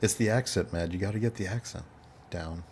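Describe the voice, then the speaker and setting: Low voiced guy hosting a podcast, laughs a lot, light hum in the background. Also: brisk, a little mellow. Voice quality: chuckles often. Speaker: podcast host. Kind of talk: casual chat.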